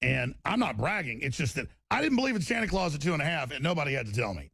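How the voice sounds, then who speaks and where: A middle-aged man from Texas hosting a talk radio show, delivering a heated, rambling political monologue with sudden swings in pitch and repeated restarts. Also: very animated, fast, a bit bright, dry recording, studio quality. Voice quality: gravelly.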